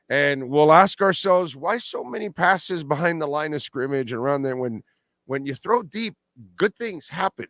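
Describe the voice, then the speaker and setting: A middle-aged man hosting a postgame sports talk livestream, animated and blunt, repeating points for emphasis. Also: fairly high pitch, moderate pace, no room sound, clean studio sound. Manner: blunt and salty, pleads with viewers. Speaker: sports talk show host.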